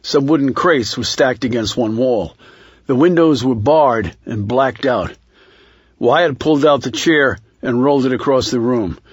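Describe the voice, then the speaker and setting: A man narrating a thriller audiobook in a measured, steady reading. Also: mid-range voice, slightly rough, dry recording.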